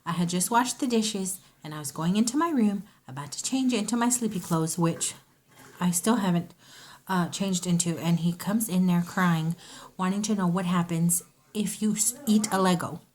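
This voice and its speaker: A woman's voice: fairly low pitch, normal speed, a little mellow. A woman, a mother, chatting casually to camera in a rambling haul video, often stopping to correct herself. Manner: chatty, rambling, self-interrupting. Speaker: vlogger.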